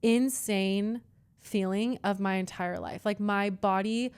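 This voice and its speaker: Smooth-voiced young woman, earnest storyteller. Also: mid-range voice, steady tone, takes it slowly, a little mellow. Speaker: podcast host. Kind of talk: candid personal chat.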